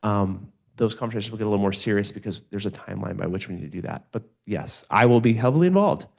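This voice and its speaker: A man's voice: fairly low pitch, lively intonation, fast talker, creaky, darkish tone. A man giving an informal update at a neighborhood meeting, hedging often with fillers. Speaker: council member.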